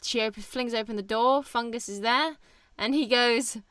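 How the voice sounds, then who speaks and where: A woman co-hosting a podcast, chatting casually about a film, animated and laughing often. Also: a little high, moderate pace, smooth, no echo. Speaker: podcast co-host. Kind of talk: casual film review chat.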